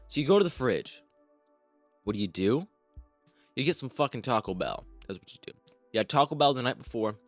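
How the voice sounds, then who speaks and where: A man's voice: mid-range voice, lively intonation, fairly quick, dry recording, soft background music. A young man telling a comedic story to the camera, rambling and crude, swearing often and talking to the listener as "you". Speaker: storytime vlogger.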